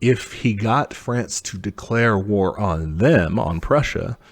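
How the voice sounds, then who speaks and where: A young man co-hosting a podcast, telling history in a loose, profane way and putting on quick mock voices for the people in it. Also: on the low side, lively intonation. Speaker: podcast co-host. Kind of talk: casual history chat.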